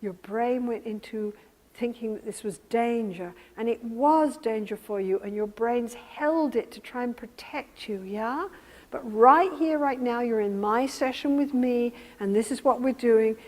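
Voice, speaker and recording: A woman teaching a room of therapists in a calm, measured way, her voice sitting fairly high. She slows and softens as she models how to soothe a client. The sound rings with a long reverb, as in a lecture hall. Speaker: therapy trainer. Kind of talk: teaching lecture with role-played therapy examples.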